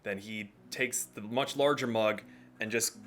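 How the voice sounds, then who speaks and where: A man's voice: on the low side, steady tone, measured pace, fairly bright tone, faint music behind. A man narrating scenes as game master of a tabletop game, easygoing and descriptive.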